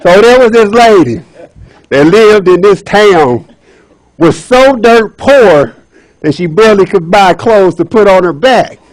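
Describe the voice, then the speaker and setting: A man telling a folk tale to a club audience, chatty and lively with asides to the crowd. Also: sits high, a little slow, dry recording, low-quality recording. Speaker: speaker at a speaking club. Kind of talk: storytelling speech.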